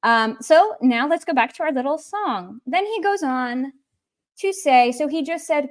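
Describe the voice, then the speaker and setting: This woman's high, sing-song voice moves at a moderate pace as she teaches Russian over a casual livestream. A native English speaker, she mixes English with Russian and keeps the lesson playful and light.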